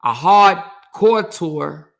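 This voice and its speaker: A man's voice: sits high, animated, very slow, gravelly, fairly bright tone. A man hosting a gossip show, telling celebrity drama in a sassy, theatrical way and calling his audience honey and child. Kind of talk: animated celebrity gossip chat.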